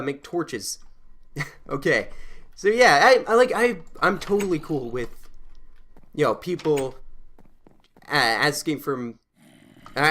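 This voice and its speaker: A young man with a Canadian accent tells stories over his gameplay in an animated, excitable way, with frequent restarts and sudden loud bursts. His voice sits a little high for a man. He sounds like he is talking into a desk mic at home. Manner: animated, excitable, acts out quotes loudly. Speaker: gameplay commentator. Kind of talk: casual storytelling over gameplay.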